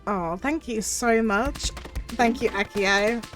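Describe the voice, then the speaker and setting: A woman streamer with a cold chats casually and effusively to her viewers. Her voice is husky from the cold. Faint music plays in the background. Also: a little high, takes it slowly. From United Kingdom. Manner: chatty and effusive, thanks viewers warmly. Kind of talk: casual livestream chat.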